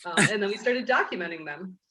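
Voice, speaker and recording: A woman's voice: medium pitch, expressive, fast, fairly bright tone, poor audio. A woman from the United States, a guest on a remote call, chatting in a wry way and laughing as she chimes in. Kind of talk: casual interview chat.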